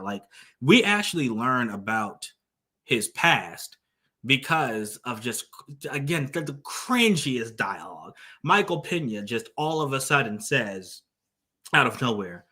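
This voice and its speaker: Bright-toned guy ranting casually about a movie he didnt like, lots of likes and ums. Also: medium pitch, sing-song, unhurried. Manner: blunt, exasperated, with frequent fillers and restarts. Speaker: movie reviewer. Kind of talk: casual spoken movie review.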